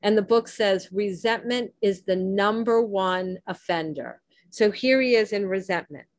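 A woman's voice: mid-range voice, unhurried, dry recording. A woman hosting a recovery podcast, explaining a text in an earnest, conversational way with wry sarcastic asides. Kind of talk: teaching talk on a recovery text.

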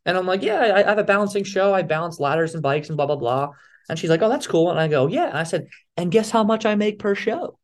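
A young man from the Philadelphia area telling stories as an interview guest, lively and acting out the other people's lines. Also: high-pitched, fast. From Philadelphia area, USA. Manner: animated storyteller, acts out quoted dialogue. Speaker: guest, balancing performer. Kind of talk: casual storytelling interview.

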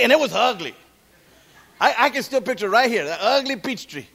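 A middle-aged man preaching a sermon as pastor, animated, quoting scripture and cracking jokes. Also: very high-pitched, brisk, gravelly.

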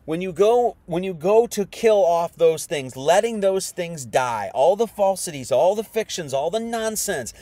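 High-voiced man preaching a sermon. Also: no echo. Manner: reads scripture aloud, then explains it in casual slang; swings between hushed reading and loud emphatic preaching.

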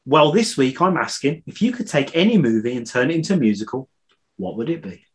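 A man's voice: medium pitch, animated, fairly quick. A man hosting a podcast, chatting casually and reading out listener answers, laughing between lines. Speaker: podcast host.

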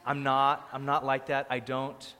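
A man preaching a sermon as the pastor, animated, acting out quoted voices, moving between loud bursts and quiet asides. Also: medium pitch, a little slow. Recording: long hall reverb.

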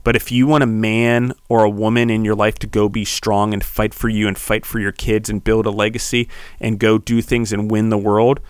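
A man's voice: on the low side, little pitch movement, normal speed, smooth, no echo, clean studio sound. Fired-up man preaching on a podcast. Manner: heated, preachy, swears, builds to shouting. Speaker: podcast host. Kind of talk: impassioned solo podcast monologue.

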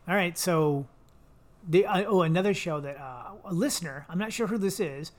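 A man's voice: high-pitched, normal speed. A man from the Philadelphia area co-hosting a podcast in casual chat, rambling and joking, often trailing off mid-sentence. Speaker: podcast co-host.

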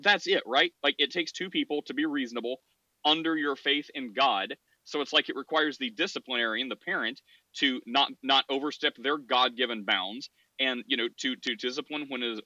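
A man co-hosting a casual podcast discussion, rambling and animated, often acting out quoted voices. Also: medium pitch, dry recording, dull audio. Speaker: podcast co-host.

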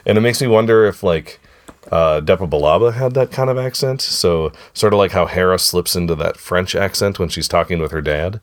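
A man with a hoarse, froggy voice from a sore throat, hosting a casual podcast chat with kids and often asking them if they remember. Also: low voice, brisk. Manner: chatty, keeps asking the listeners if they remember. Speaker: podcast host.

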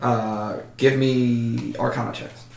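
Brief: casual male game master, mid pitch, echoey room. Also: little pitch movement, slow, creaky, background noise. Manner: casual, narrates with frequent ums. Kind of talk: narrating a tabletop game.

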